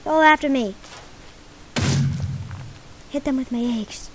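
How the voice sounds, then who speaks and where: A woman playing a video game live, excitedly talking to the creatures on screen and crying out when things go wrong. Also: high-pitched, takes it slowly, very noisy. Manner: excitable, talks to game creatures, bursts of cries. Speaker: gamer playing a minigame server. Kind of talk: live gameplay commentary.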